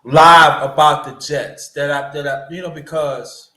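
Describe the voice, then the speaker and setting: Animated high-pitched man, roomy sound. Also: measured pace. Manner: animated, swearing, trailing restarts. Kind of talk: casual football chat.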